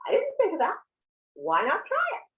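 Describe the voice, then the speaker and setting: A woman in a casual group discussion, telling stories in an animated way. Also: high-pitched, moderate pace. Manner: animated storytelling. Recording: tinny phone-like call line.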